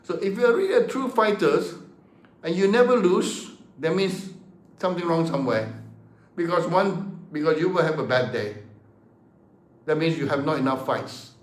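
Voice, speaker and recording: A man's voice: fairly high pitch, lively intonation, moderate pace, pauses often. Emphatic man in his seventies, echoey room. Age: 70s. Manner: emphatic, rhetorical questions, repeats words. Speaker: martial arts teacher. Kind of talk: passionate talk to camera.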